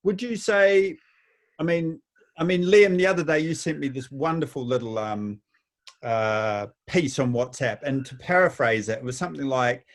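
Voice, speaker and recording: A man's voice: mid-range voice, moderate pace. Rambling man telling anecdotes. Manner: rambling, many fillers and restarts, tells anecdotes. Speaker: host. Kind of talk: casual chat.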